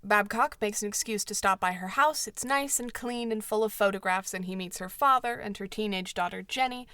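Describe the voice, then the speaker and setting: A woman's voice: medium pitch, brisk, bright, forceful tone, dry recording, studio quality. A woman hosting a book club show, summarizing an old novel with wry, joking asides.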